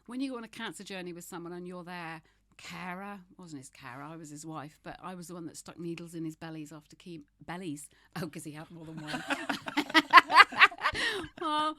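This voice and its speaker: A woman's voice: fairly low pitch, fast talker, few pauses, a bit bright. Frank, emphatic woman in her fifties. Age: 50s. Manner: frank and emphatic, with wry humor. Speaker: guest. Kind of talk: candid interview conversation.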